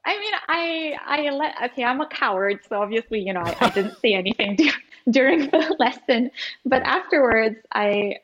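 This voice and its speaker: A woman's voice: a little high, animated, moderate pace. Giggly chatty woman on lo-fi audio. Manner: giggly, chatty, many fillers. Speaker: author guest. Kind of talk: casual interview chat.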